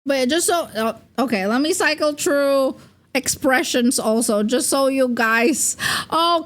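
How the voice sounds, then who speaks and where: A young woman streaming as a VTuber in loose, rambling chat. Her voice sits a little high and she takes her time, drifting between thoughts with plenty of "like" and quick giggles. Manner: rambling, giggly, full of fillers. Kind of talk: casual livestream chat.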